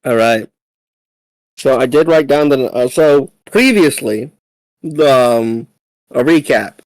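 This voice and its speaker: A young man serves as game master, listing moves and abilities in an easygoing, matter-of-fact way. His voice sits at a middle pitch and sounds dry and close to the mic. He swears casually while recapping. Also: expressive, dry recording, rough recording. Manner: brisk, reads out rules and recaps casually, swears. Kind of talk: running a tabletop game over voice chat.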